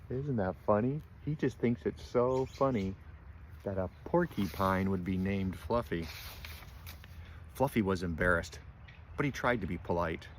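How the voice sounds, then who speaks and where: Reading a picture book aloud to his grandchildren, an older man with a fairly low voice goes a little slowly. He pauses often to ask them gentle questions, with a faint room hum behind him.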